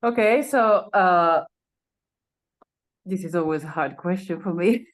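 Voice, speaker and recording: A woman's voice: lowish voice, a little slow. A woman co-teacher introducing herself in a casual class, modest and a little hesitant.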